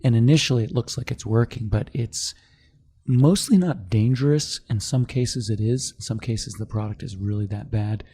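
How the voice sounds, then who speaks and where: A middle-aged man, a company founder, telling his story in a podcast interview, animated and quick to act out what others said. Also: mid-range voice, husky. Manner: animated storyteller, acts out quoted voices.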